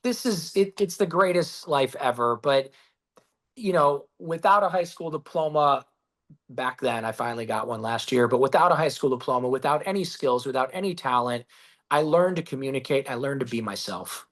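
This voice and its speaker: A man being interviewed as a guest, telling stories in a lively, casual way, acting out quotes and swearing freely. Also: medium pitch, moderate pace. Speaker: guest, business founder. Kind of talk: storytelling in a podcast interview.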